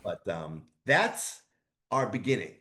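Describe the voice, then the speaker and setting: Guy in his 60s telling stories on a podcast, animated, lots of asides. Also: fairly low pitch, slow. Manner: rambling, animated anecdotes with asides. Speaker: voice actor guest. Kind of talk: casual storytelling interview.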